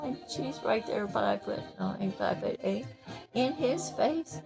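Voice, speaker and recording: A woman's voice: on the high side, creaky. An older woman casually telling personal stories in a rambling way, laughing often and restarting her sentences. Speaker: storyteller sharing memories.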